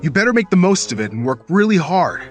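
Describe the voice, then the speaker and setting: A stern middle-aged dad barks and scolds, as a man puts him on. His voice swoops from high shouts down to low grumbles, set against faint background music, in a cartoon storytime. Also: very animated, fast. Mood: scolding.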